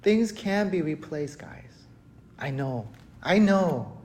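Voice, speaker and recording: A male pastor preaching a sermon in a church, telling a story with animated, acted-out panic. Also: high voice, slow pace, pauses often. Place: church hall.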